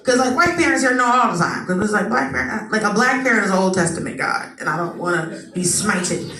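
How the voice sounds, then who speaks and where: A woman performing a profane, animated stand-up set on a live comedy club stage. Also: medium pitch, fairly quick. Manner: profane, animated, acts out quoted voices. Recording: echoey room, distant mic, crowd noise. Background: audience laughter.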